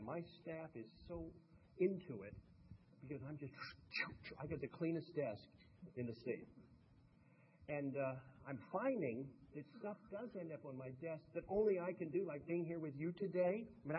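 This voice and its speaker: An older man giving a motivational speech to a live audience, animated and humorous, pushing his punchlines out loud. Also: fairly high pitch, moderate pace. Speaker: motivational speaker. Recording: tinny lo-fi recording with faint noise.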